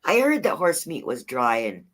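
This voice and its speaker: A woman's voice: sits low, huge pitch swings, normal speed. A woman chatting casually, laughing easily and jumping in with questions. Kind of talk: casual chat.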